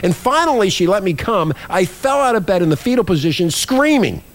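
A man's voice: high voice, sing-song, a little fast. A man hosting a talk show, telling a crude story in a rambling, profane way that repeats itself. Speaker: podcast host.

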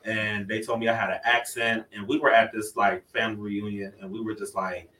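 A man's voice: fairly low pitch, level tone, fairly quick, sharp tone. A man from Toledo, Ohio, telling a story in a laid-back way and laughing often. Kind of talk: casual chat. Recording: roomy sound from a distant mic.

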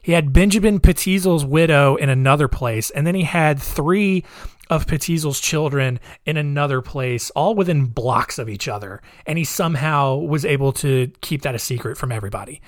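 Brief: relaxed male podcast storyteller, slightly high voice, dry sound, wry asides. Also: moderate pace, no echo. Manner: hesitant, many fillers and restarts, wry. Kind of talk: casual true-crime storytelling.

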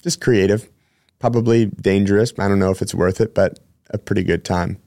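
A man's voice: fairly low pitch, steady tone, moderate pace, gravelly, warm tone, no room sound, studio quality. A man hosting a podcast, a personal trainer telling rambling, chatty stories with many self-corrections. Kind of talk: casual storytelling.

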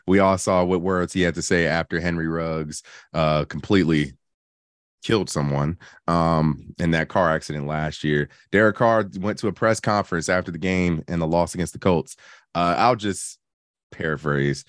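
A man co-hosting a casual sports talk show, animated and joking, cursing freely as he reviews a team's season. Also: low-pitched, normal speed, no room sound, clean studio sound. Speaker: podcast co-host.

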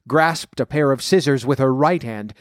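Man, storyteller, measured delivery, dry recording, mid-pitched voice. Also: dry recording. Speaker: storyteller and folklore commentator. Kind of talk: fairy tale reading then commentary.

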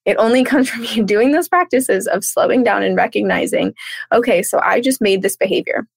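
A woman coach speaks as a podcast guest in a bubbly, animated way, slipping into playful voices for her own thoughts. Her voice has a gravelly, fried edge. The sound is close and dry. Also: mid-range voice, fairly quick, no echo. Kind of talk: casual podcast interview.

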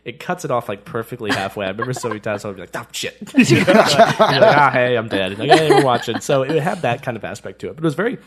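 A man's voice: medium pitch, sing-song, racing, few pauses, crowd noise. A young man co-hosting a casual podcast chat, laughing often and repeating words as he tells stories. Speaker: podcast co-host.

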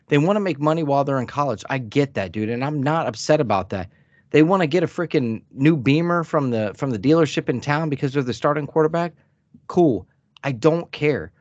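A man in a casual sports debate, blunt and animated, often saying "dude.". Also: medium pitch, no echo. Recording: dull, dry lo-fi sound.

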